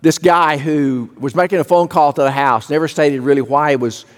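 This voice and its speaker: A man's voice: a little high, fairly even intonation, normal speed. Folksy male pastor in an echoing church. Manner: folksy storytelling, repeats words as he goes. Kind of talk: sermon.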